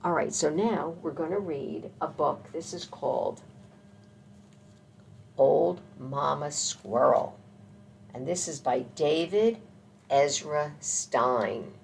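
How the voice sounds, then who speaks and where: A woman librarian leading a children's story time, reading aloud slowly and gently, coaxing the kids to join in. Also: low-pitched, creaky, a little hiss or hum.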